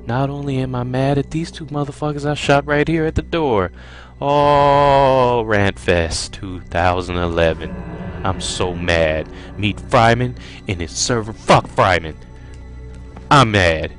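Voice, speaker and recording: A man's voice: medium pitch, measured pace, soft background music. A man giving profane, frustrated let's play commentary while playing a game. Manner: profane, ranting, loudly frustrated.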